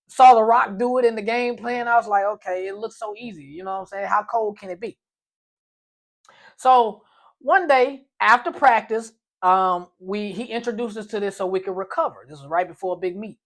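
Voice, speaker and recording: A man tells a comic story from his own life in a story time vlog, animated and playful. His voice sits high and swings up and down a lot as he hams up each beat.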